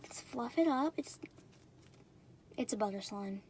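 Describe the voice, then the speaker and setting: A young woman casually chatting while unboxing and trying slimes, sometimes squealing and sometimes dropping to a soft near-whisper. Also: fairly high pitch, animated, measured pace. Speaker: slime reviewer. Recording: loud background noise.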